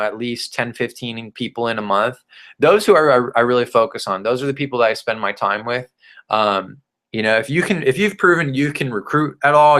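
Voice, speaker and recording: A man giving a casual, energetic training talk on network marketing, often restarting phrases and acting out the replies of prospects. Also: medium pitch. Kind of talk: recorded training presentation.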